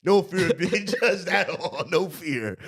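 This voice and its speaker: Laughing, animated young man streamer. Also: high-pitched, measured pace, a crowd in the background. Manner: laughs often, loud and incredulous, slangy. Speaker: streamer reacting to a video. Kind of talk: casual reaction commentary.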